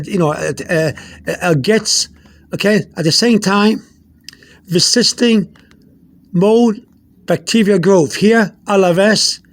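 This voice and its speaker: High-voiced man teaching with halting speech. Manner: halting, repeats words, many fillers; explains slowly and spells out letters. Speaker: language teacher. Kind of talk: informal language lesson.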